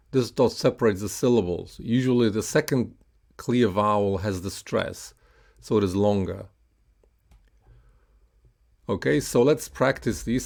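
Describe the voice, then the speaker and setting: Low slow guy teaching english pronunciation, lots of uh and right?, says words slowly for you to repeat. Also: gravelly, darkish tone. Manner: slow, patient, with frequent "uh" and "right?" checks. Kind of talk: classroom pronunciation lesson.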